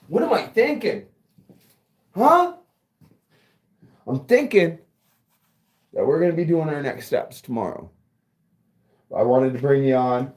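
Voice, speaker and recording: A man hosting a casual livestream while working in a garage workshop, rambling and joking and swearing freely. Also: medium pitch. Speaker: livestream host.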